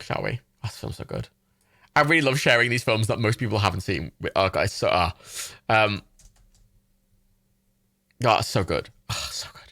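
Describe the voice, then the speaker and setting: A man's voice: fairly low pitch, pushed and bright, no room sound. Young guy from ireland gushing about movies on his stream, bouncy voice, dry close mic, swears a lot. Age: 20s. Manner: rambling, enthusiastic, swears freely, many fillers. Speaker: livestream host. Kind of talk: casual chat while browsing films.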